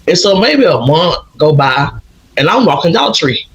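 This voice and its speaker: A podcast host from with a raspy, slightly raised voice. He tells his stories with lively, looping restarts, in a casual chat with his guest. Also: on the high side, normal speed, poor audio. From Louisiana. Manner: animated, rambling storyteller with many restarts.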